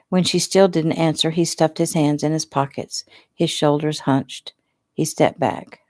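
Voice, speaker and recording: A woman reading her own novel aloud in a relaxed, unhurried, casual way. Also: low-pitched, dry recording, clean studio sound. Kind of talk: casual audiobook narration.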